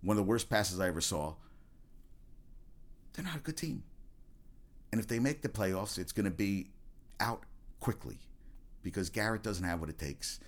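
A man's voice: on the low side, animated, moderate pace, long pauses. Blunt, profane man hosting a sports show. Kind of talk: casual sports rant.

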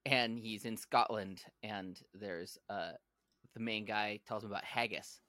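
Podcast co-host, male, bright forceful tone, dry close sound, jokey storyteller. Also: on the low side, fairly even intonation, unhurried, dry recording. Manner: jokey, tells movie stories animatedly. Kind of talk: casual chat.

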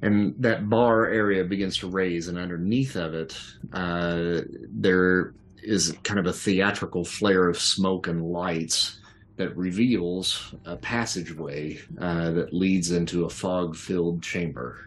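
A man narrating a tabletop game as game master, relaxed and laughing easily. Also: deep voice, takes it slowly, slight background noise.

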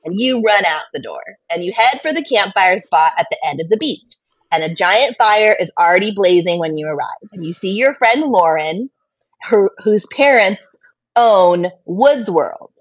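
Husky woman reading an adventure story. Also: mid-range voice, lively intonation, normal speed, muffled recording. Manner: playful, laughs often while narrating. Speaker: podcast host and story reader. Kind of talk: reading an interactive adventure book aloud.

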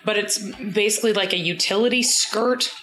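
A woman co-hosting a podcast, recapping a TV episode with jokes, quick asides and swearing. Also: medium pitch, a bit bright, low-quality recording. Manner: joking, profane, quick asides. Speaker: podcast co-host. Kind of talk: casual chat recapping a TV episode.

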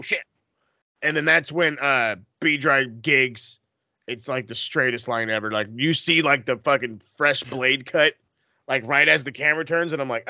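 This man is one of the hosts of a wrestling podcast, keeping things casual, lively, and full of swearing while he mimics quotes with wide swings in pitch. The recording sounds dry.

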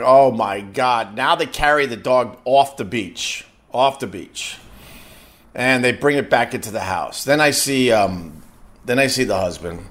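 A man's voice: mid-range voice, fairly bright tone. A middle-aged man, a podcast host, telling a long casual story and stumbling over and repeating his words as he goes.

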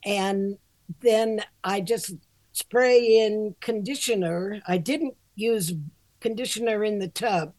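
An older woman who grooms dogs and owns a shop co-hosts a grooming podcast, chatting casually in a frank, self-deprecating way, laughing a lot and swearing freely. Her voice is medium-pitched and a little mellow, her pace slow, and the recording has no room sound.

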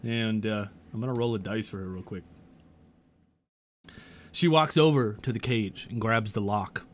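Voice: medium pitch, unhurried, slight background noise. A game master narrating a tabletop game in a laid-back way, swearing and joking freely.

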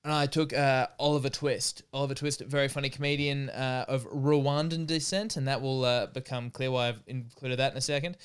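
A man co-hosting a podcast, telling stories in a loose, rambling way with frequent restarts. His voice is smooth and resonant, sitting at a middle pitch. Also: little pitch movement, brisk, few pauses. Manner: rambling anecdotes with many restarts. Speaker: podcast co-host. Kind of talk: casual storytelling chat.

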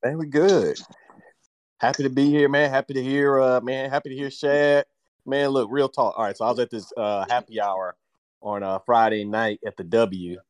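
A man co-hosting a podcast, chatting casually and laughing often as he tells a story in relaxed slang. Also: medium pitch, normal speed, dry recording. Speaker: podcast co-host. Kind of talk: casual chat.

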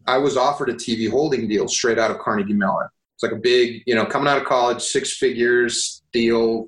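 A man's voice: medium pitch, steady tone, brisk, reverberant, rough recording. A man, an actor and guest, talking in a rambling, candid, self-deprecating way with casual swearing.

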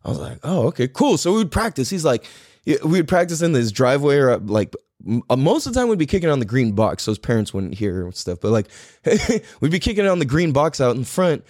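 Man, 30s, from San Diego; casual profane storyteller, very animated delivery. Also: a little fast, no room sound, clean studio sound. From San Diego, California. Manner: profane, animated, acts out quotes in a louder higher voice.

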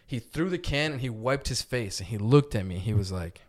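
A man's voice: medium pitch, animated, fairly quick. A young man co-hosting a podcast, telling a story in a rambling, profane way full of filler words. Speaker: podcast co-host. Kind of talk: casual storytelling chat.

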